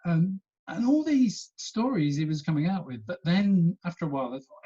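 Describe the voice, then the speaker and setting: Husky guy chatting away as a guest, animated, laughs a lot, muffled lo-fi sound. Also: high voice, normal speed. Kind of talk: casual storytelling chat.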